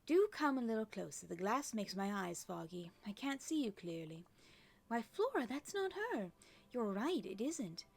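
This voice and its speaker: A woman's voice: mid-range voice, big pitch swings, normal speed, creaky, darkish tone. A doting elderly fairy aunt, fussy and motherly, calling everyone dear in a lifted, sing-song voice, as a woman reads her lines aloud. She sounds kindly and a little flustered, like a storybook godmother in a video game. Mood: sweet, doting. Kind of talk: reading game dialogue aloud in character.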